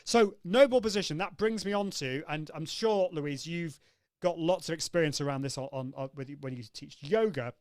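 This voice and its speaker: A man's voice: on the high side, moderate pace, darkish tone, smooth, no echo. A man hosting a live coaching show, upbeat and demonstrative, answering viewers' comments as he teaches. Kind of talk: live-stream coaching talk.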